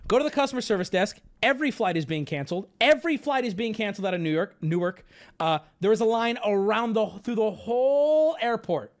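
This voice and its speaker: A man streamer telling a story casually to his audience, animated, profane and exaggerated. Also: high voice, quick pace.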